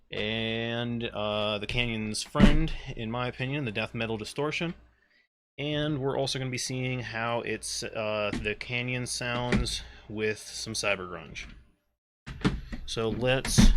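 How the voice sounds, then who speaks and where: A man's voice: medium pitch, background noise. A man talking casually into a handheld vocal mic as he demonstrates an effects pedal, rambling and correcting himself as he goes. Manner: rambling, self-correcting, talks through his own delay effect. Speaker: gear reviewer. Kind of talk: casual gear demo talk. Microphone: handheld dynamic vocal mic.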